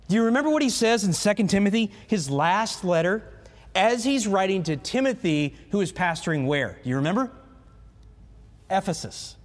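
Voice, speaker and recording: Lively man preaching a sermon with a high, swooping voice; long church-hall reverb. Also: a little slow, long pauses. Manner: animated, asks the congregation questions. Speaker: pastor. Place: church sanctuary.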